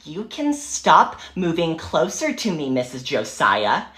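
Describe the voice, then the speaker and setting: Woman playing a stuck-up teacher lady, low and slow, crisp bright tone, talks down to everyone. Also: wildly swooping pitch, reverberant, exaggerated voice. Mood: icy. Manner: slow, haughty, clipped. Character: condescending female senior teacher, prim and icy.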